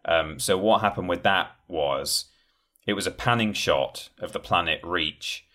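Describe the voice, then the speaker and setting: A man's voice: deep voice, measured pace, pushed and bright. A man in casual podcast chat, rambling with many fillers and acting out quoted lines. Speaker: podcast guest discussing game trailers.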